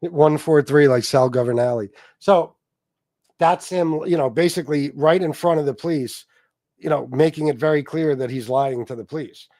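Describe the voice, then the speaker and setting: A man's voice: a little high, normal speed, darkish tone, no room sound, clean studio sound. A man hosting a livestream, commenting on a video in a casual, profane, laughing and sarcastic way. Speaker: livestream host reacting to a video.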